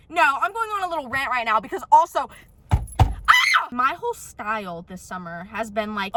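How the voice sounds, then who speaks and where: A young woman vlogging casually into her phone, telling animated stories about her dad with lots of "literally" and "like". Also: a little high. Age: young adult. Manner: animated, chatty storytelling with frequent "literally" and "like". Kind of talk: casual ranting vlog.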